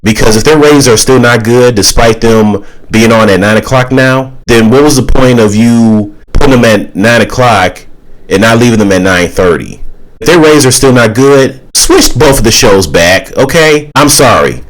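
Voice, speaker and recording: A man's voice: mid-range voice, animated, moderate pace, poor audio. A man giving a casual, exasperated opinion rant as a YouTuber. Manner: exasperated, ranting.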